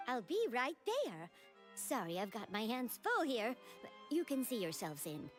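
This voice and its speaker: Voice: medium pitch, very animated, unhurried, faint music behind. An actress voicing small, polite female creature clerks in a game, heard as game audio under a streamer's talk.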